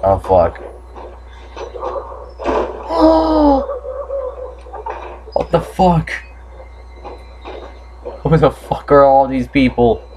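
A man's voice: mid-range voice, lively intonation, takes it slowly, pauses often, darkish tone, slight background noise. A young man commenting on a horror game playthrough, swearing often and yelping when startled. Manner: swears a lot, jumpy and startled. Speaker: gamer.

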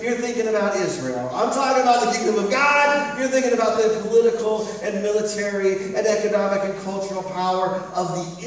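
A man preaching a sermon as pastor, emphatic and repetitive, full of rhetorical questions. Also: high-pitched. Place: church sanctuary. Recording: echoey hall recorded from far off.

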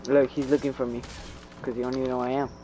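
A man's voice: mid-range voice, level tone, very fast, dark tone, slight background noise, rough recording. A young man giving casual gameplay commentary while he streams, laughing often and trash-talking playfully. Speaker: gamer streaming his play.

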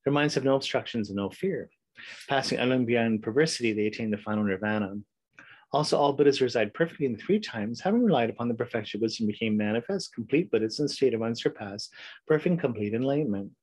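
A man teaching a recorded meditation class, chatting loosely with fillers before reciting a sutra in a steady voice. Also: medium pitch, quick pace, breathy edge, dry recording, rough recording. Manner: relaxed, rambling intro with fillers, then steady recitation. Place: home, recording solo before travel.

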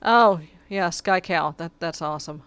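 A woman's voice: fairly low pitch, a little slow, a bit bright, clear, resonant tone, no echo. A woman giving casual, chatty commentary while she plays a video game, talking back to the creatures and getting exasperated. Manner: sarcastic asides. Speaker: gameplay commentator.

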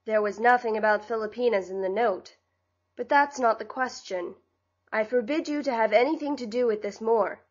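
A strict middle-aged father from an old storybook gives curt, commanding orders, voiced by a woman narrator. He is quick to anger and brooks no argument. The audio is a little dull and muffled. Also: a little high, lightly acted. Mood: stern.

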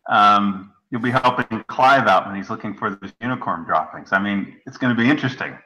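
Man with dry wisecracks, bright low voice. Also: fairly quick, poor audio. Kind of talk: casual live stream chat.

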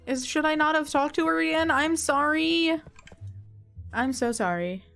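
A woman's voice: sits high, lively intonation, a little fast, gravelly, a bit bright. Giggly woman chatting over gameplay. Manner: giggly, chatty, talks to game characters. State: slightly sniffly from a runny nose. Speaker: let's play gamer. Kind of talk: casual gameplay commentary. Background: faint game music.

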